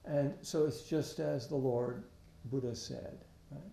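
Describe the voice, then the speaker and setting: A man giving a Buddhist dharma talk, halting, often restarting his sentences, and asking rhetorical questions. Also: mid-range voice, steady tone, vocal fry, mellow. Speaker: Buddhist teacher. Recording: echoey room.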